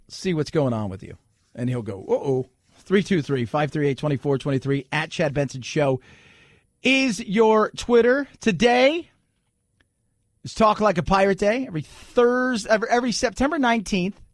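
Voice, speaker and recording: A man's voice: on the high side, dry recording. A man hosting a talk radio show, joking and opinionated, slipping into mocking put-on voices. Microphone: studio microphone.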